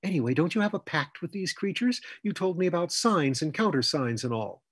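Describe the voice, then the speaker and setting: Storybook heroine: man voicing a plucky young woman rookie, brisk, husky tone. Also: fairly high pitch, lively intonation, dry recording, clean studio sound, voice pushed up. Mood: urgent.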